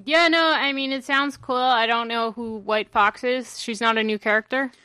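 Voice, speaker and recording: A woman's voice: on the high side, fairly even intonation, moderate pace, bright, forceful tone, clean tone, no echo. A young woman co-hosting a casual comics podcast, teasing her co-host in a dry way. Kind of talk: casual comics news chat.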